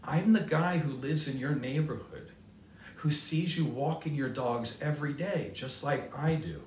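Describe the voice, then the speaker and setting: A man retelling a story and voicing a cheerful, friendly older man as he greets a neighbor, warm and upbeat. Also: a little high, unhurried, a little hiss or hum, voice pushed up, natural voice. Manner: warm and upbeat, loud enough to be heard. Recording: roomy sound from a distance.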